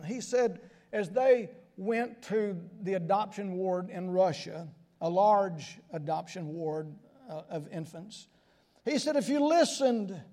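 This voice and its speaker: An older man preaching a sermon, moving between quiet asides and sudden high, shouted emphasis.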